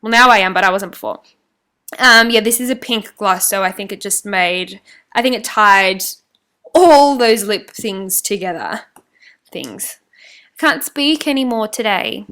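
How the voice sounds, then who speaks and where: A young woman talks through her makeup steps in a loose, chatty voice-over. She rambles and laughs off her own slips of the tongue. Her voice is bright and clean. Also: mid-range voice, moderate pace, clear, resonant tone. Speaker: beauty vlogger. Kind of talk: casual voice-over for a makeup tutorial.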